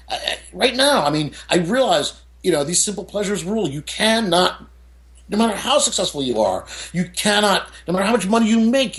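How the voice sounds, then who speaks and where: Man, gravelly voice, middle-aged, interview guest, chatty asides. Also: sits high. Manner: animated, many "you know" and "I mean" asides. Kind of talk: candid storytelling in an interview.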